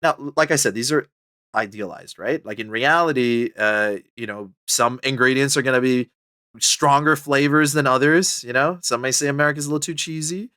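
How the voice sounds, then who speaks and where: Male author-guest, mid pitch, lively and chatty, dry close podcast mic. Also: moderate pace, no echo. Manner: animated, chatty, full of fillers and pitch jumps. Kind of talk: casual conversational interview.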